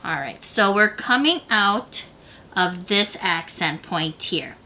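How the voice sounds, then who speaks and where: A woman's voice: mid-range voice, expressive, slow, pushed and bright. A woman teaching a beading tutorial, patiently talking the viewer through each step. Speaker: beading instructor.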